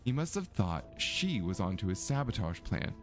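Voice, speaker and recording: A man's voice: lowish voice, very animated, normal speed, soft background music. A man voicing an earnest young woman amateur detective in a mystery game, reading her dialogue steadily in his own voice.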